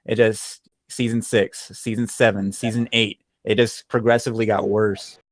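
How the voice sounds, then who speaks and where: A man's voice: on the low side, little pitch movement, normal speed, no room sound. A man hosting a gaming podcast, speaking earnestly and reflectively with small hesitations. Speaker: podcast host. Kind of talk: casual podcast chat.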